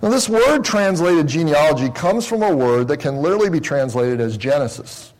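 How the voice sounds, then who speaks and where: A man preaching a Bible-teaching sermon in an explanatory way. He often asks his listeners rhetorical questions and slows down and grows softer on key phrases. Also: fairly high pitch, expressive, low-quality recording. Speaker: pastor.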